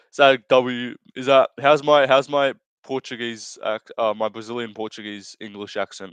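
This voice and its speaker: This young man hosts a live stream, reading chat aloud and rambling through crude jokes in casual commentary, laughing a lot and correcting himself. His voice is medium-pitched and level, with normal speed, few pauses, a clean tone, and no room sound.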